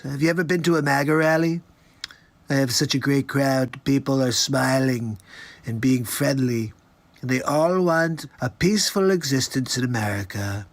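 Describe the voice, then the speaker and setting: A man's voice: mid-range voice, voice pushed down. A man doing a comedic impression of a boastful, blustering older politician, full of superlatives and repetition. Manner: bragging, repetitive, superlative-heavy. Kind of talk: comedic celebrity impression on a livestream.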